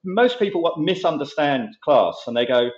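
A man's voice: fairly high pitch, lively intonation, highs cut off. Rambling man in a roomy room. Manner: rambling, halting, many restarts. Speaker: comedian guest. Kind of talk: casual chat.

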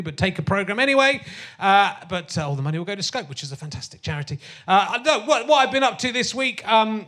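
His high voice carries a fairly bright tone as this middle-aged man hosts a live comedy podcast from a theatre stage. He rambles sardonically in stand-up fashion, tossing in crude asides and plenty of fillers.

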